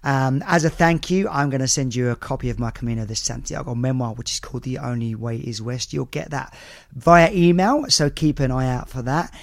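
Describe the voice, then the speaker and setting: A man's voice: mid-range voice, a little fast, gravelly, no echo, clean studio sound. A man hosting a podcast interview, talking in an earnest, encouraging, rambling way. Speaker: podcast host. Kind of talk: casual interview chat.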